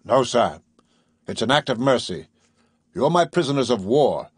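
A man's voice: medium pitch, big pitch swings, breathy edge, dry recording, studio quality. A man voicing a stern, secretive male submarine captain who speaks coldly and formally, in an audiobook reading. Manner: measured, commanding, coldly formal.

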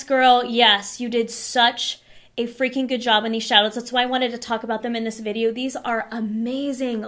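A woman beauty vlogger chatting through a product review in a hoarse voice, enthusiastic and chatty. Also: fairly high pitch, fairly bright tone. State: hoarse, losing her voice.

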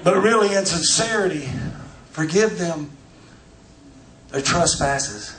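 A man preaches in a high voice, swinging from soft asides to loud shouted declarations. He sounds as if he is recorded from a distance in a reverberant church. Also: animated, takes it slowly, slight background noise. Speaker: pastor. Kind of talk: sermon. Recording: echoey church from far off.

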